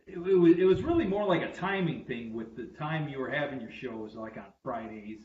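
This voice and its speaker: A man's voice: medium pitch, lively intonation, fairly quick, a crowd in the background. Man, hesitant, lots of fillers, roomy echo, dull lo-fi sound. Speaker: returning guest panelist. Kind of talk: casual chat.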